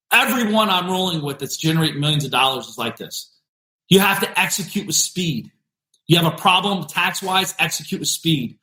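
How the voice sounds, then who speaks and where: Energetic man with a bright voice. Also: sits high, roomy sound. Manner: energetic, emphatic, repeats punchy phrases. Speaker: podcast host. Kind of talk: motivational business talk.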